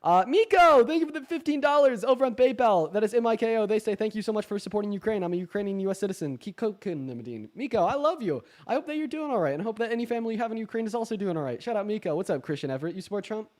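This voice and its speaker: A young man hosting a casual livestream debate, talking fast with lots of fillers and swearing. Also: sits high, animated.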